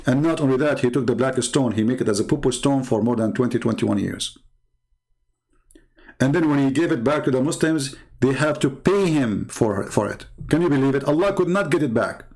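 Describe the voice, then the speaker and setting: A man's voice: mid-range voice, expressive, fairly quick, a little mellow. A man hosting a show, talking in a mocking, sarcastic monologue full of heated rhetorical questions. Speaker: show host. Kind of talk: monologue commentary.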